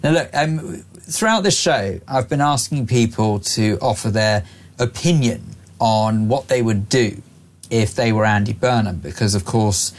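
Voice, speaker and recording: Sardonic man presenting talk radio. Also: fairly low pitch. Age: 40s. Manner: brisk, sardonic, opinionated.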